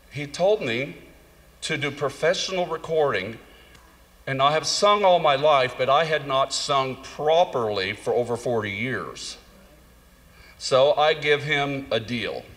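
A man telling a humorous, self-mocking story in a sermon, animated and jumping into high voices for comic asides. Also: unhurried. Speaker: conference speaker. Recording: long hall reverb, faint room noise.

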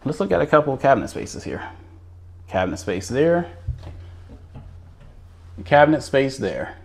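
Enthusiastic male home-tour host, lively up-and-down delivery, casual and chatty. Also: medium pitch, moderate pace, vocal fry, slight background noise. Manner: enthusiastic, chatty, repeats words. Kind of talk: casual walkthrough narration. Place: inside a manufactured home show model.

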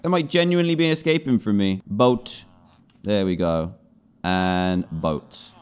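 A man's voice: fairly low pitch, lively intonation, takes it slowly, pauses often, clean tone. A man giving gameplay commentary, scolding and pleading with the characters in his game. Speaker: gaming video host.

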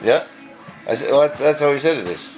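A man's voice: medium pitch, animated, fairly quick, a little mellow, faint music behind, poor audio. A man hosting a casual home cooking vlog, joking and coaxing others to taste the food. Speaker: home cook vlogger. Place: home kitchen.

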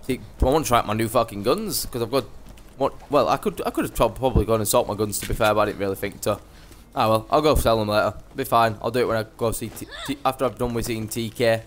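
A man's voice: fairly low pitch, fast talker, slight background noise. A young man giving brash, sweary live commentary as he streams a game.

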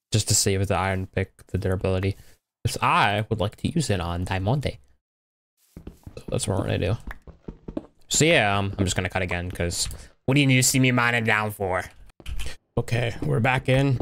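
A man's voice: fairly low pitch, creaky, a bit bright, a little hiss or hum. Laid-back young man narrating gameplay. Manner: laid-back, rambling, talks to himself while playing. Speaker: gaming YouTuber. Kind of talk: casual Minecraft let's play commentary.

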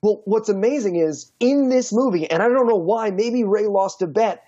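Comedic podcast guest, female, husky, riffing; dry lo-fi sound. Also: mid-range voice, moderate pace, dark tone, dry recording. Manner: joking, riffing. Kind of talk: casual comedic podcast chat.

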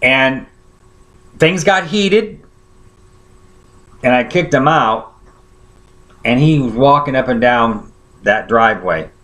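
A man's voice: medium pitch, a little slow, fairly bright tone. A man preaching a sermon, telling a personal story in a conversational way and often checking in with his listeners.

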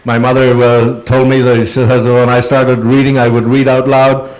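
A man's voice: mid-range voice, flat delivery, normal speed, darkish tone, poor audio. A man giving a talk in a large auditorium and answering audience questions. He speaks in a chatty, rambling way and calls audience members "dear.". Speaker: guest speaker.

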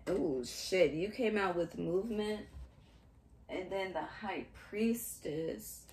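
A young adult woman giving a casual tarot reading, musing aloud in halting fragments and restarts. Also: lowish voice, noisy background. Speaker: tarot reader.

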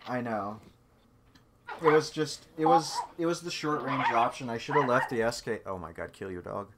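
A man with a mid-range voice streams a game and chats casually with a teammate at a moderate pace, trading sarcastic, self-deprecating jokes. He uses a desktop USB microphone, and there is heavy background noise.

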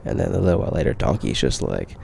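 Profane male gamer, gravelly, animated delivery, mock-angry; noisy voice-chat line. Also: very deep voice, fast. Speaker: gaming friend. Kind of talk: casual gaming chat.

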